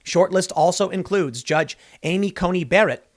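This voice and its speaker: A high-pitched man at normal speed hosts a political commentary show. He reads news excerpts aloud, interjecting casual remarks such as "dude" and "man."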